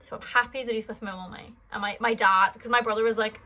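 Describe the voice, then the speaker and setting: A woman's voice: a little high, steady tone, fast, bright, forceful tone, slight background noise, rough recording. An Irish woman in her twenties answering fan questions in a casual vlog, rambling and chatty with lots of fillers. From Ireland.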